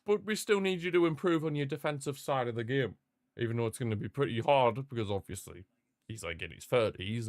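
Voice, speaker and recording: A young man hosting a live football watchalong, chatting casually and repeating himself, with sudden bursts of excitement. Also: medium pitch, no room sound, clean studio sound. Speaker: watchalong host. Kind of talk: casual live match commentary.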